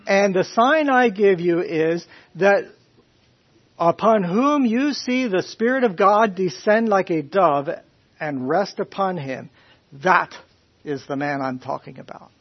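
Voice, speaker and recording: A man's voice: high-pitched, takes it slowly. A man voicing John the Baptist, a fervent male prophet bearing witness, in an emphatic, rising way. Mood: earnest. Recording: dull lo-fi recording.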